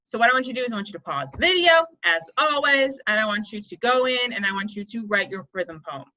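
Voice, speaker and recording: Bright-voiced woman coach, lo-fi lesson. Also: a little high, animated, fast. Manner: encouraging, explains step by step, checks in with "right?" and "okay?". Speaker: coach teaching poetry. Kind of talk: recorded online lesson. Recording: dull lo-fi sound.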